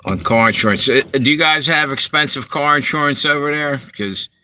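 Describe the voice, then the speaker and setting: A man's voice: fairly high pitch, a little fast, bright, forceful tone, slight background noise. A man from Delaware, chatting casually on a live stream from his parked car, greeting viewers and rambling between comments.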